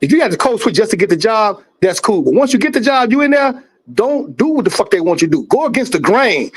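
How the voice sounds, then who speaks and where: A man hosting a livestream sports debate, loud and profane, talking over others and repeating himself. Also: high voice, big pitch swings, quick pace, slightly rough. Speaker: livestream host.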